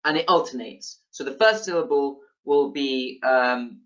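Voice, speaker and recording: A man teaching a casual literature lesson, relaxed, with many fillers and restarts. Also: medium pitch, measured pace. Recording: slightly dull lo-fi sound.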